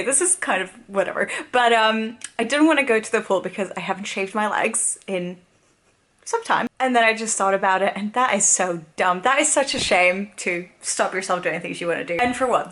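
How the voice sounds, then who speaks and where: A woman's voice: mid-range voice, fairly bright tone. A young woman talking casually to a handheld camera as a travel vlogger, upbeat and chatty, often laughing. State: out of breath walking uphill. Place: outdoors and indoors while traveling. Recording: music playing underneath.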